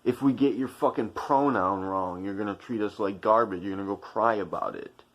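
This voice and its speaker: Man, deep voice, angry profane commentary rant, lecturing viewers. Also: normal speed, a bit bright. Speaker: channel commentator. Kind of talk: heated opinion monologue.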